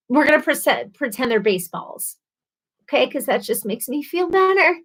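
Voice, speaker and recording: A bubbly young woman hosting a casual livestream, her voice sitting a little high. She reads out viewer comments and chats along in an easygoing way. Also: expressive, moderate pace, low-quality recording. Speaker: livestream host.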